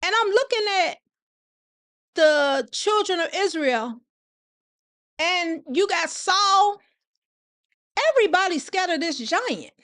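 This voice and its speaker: A woman's voice: very high voice, lively intonation, slow, pauses often, a bit bright. A woman host preaching on a live stream, repeating phrases and asking listeners pointed rhetorical questions, and greeting viewers by name between points.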